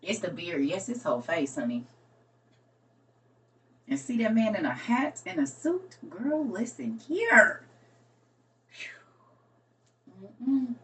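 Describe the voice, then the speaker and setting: A woman chatting casually with her viewers, sassy and drawn-out, tossing in honey and baby. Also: a little high, sing-song, fairly bright tone, distant mic. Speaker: streamer.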